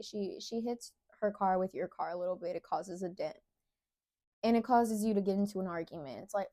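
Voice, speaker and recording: A young woman vlogging candid advice, talking straight to the viewer with slow, emphatic phrasing. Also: medium pitch, warm tone. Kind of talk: casual advice monologue to camera.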